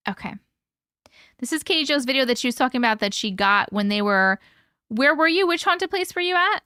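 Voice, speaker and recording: A woman's voice: high-pitched, expressive, fairly quick, sharp tone, clean tone, dry recording, studio quality. A woman hosting a live stream, chatting casually with viewers, swearing freely and laughing often. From part Italian heritage, American. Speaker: host reading viewer stories.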